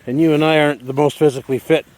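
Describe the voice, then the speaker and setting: A man filming outdoors on his farm, out of breath as he walks his animals through deep snow and coaxes them along in a high, encouraging voice. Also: steady tone, rapid-fire, darkish tone. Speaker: farm owner. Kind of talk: casual vlog narration.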